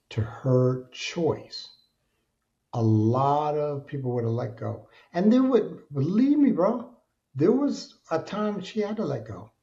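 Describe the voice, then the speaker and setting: A middle-aged man tells his story with candor, his voice dark and mellow. He speaks in an earnest, colloquial way and grows animated in places. The recording is dull and slightly lo-fi. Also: mid-range voice. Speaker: podcast guest. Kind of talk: candid personal storytelling. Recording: dull lo-fi sound.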